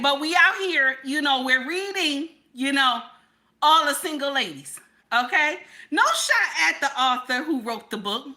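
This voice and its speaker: Woman, high bright voice, animated and repetitive reaction commentary. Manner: animated, bursts into laughter and shouts, repeats phrases with "okay?".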